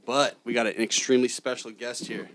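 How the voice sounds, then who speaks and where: Man, podcast host, middle-pitched voice, laughs a lot, loose rambling chat. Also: flat delivery, fairly quick, a bit bright. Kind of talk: casual chat.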